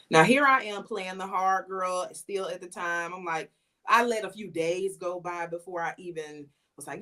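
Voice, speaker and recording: Animated woman telling her story. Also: medium pitch, a little slow. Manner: animated, acts out quoted lines. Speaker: interview guest. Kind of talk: casual storytelling.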